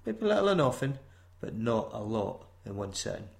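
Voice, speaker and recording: A man's voice: lowish voice, big pitch swings, brisk, creaky. A Scottish man chatting as a co-host, with dry teasing remarks. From Scotland. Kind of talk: casual chat.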